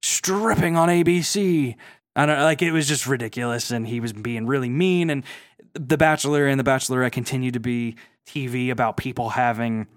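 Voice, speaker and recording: A man casually retelling a reality show, with animated storytelling and mocking impressions of the people he quotes. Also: mid-range voice, a little fast, dry recording, studio quality. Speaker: podcast co-host.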